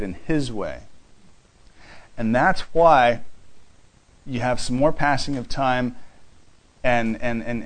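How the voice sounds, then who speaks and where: Man, mid-pitched, for a Bible study teacher: conversational, posing rhetorical questions, restarting his phrases as he goes. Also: low-quality recording. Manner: reads scripture aloud in archaic wording.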